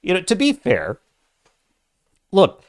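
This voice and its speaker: A man's voice: high-pitched, wildly swooping pitch, slow pace, creaky. A middle-aged man hosting a livestream, giving opinionated, ranting commentary and reading viewer chat aloud. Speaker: livestream host.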